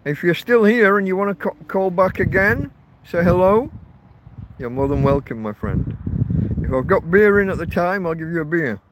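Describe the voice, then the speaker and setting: A man talks to his viewers in a loose, rambling way. His voice sits a bit high for a man, and he often corrects himself as he goes. He is recorded on a phone in a windy field, with faint outdoor noise underneath. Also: lively intonation, moderate pace. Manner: rambling, self-correcting, chatty. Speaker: vlogger living rough in a field camp. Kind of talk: casual rambling talk to viewers. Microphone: phone held in portrait mode.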